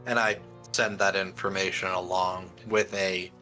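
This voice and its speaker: A man playing in a tabletop game, chatting casually and joking in an unhurried way. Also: low voice, flat delivery, pushed and bright, faint music behind. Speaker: player.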